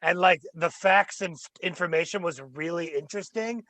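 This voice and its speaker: A man with a notably high voice trades quick jokes in loose podcast banter. He is recorded close and dry. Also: fairly bright tone, dry recording. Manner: wisecracking. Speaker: podcast co-host. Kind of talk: casual banter.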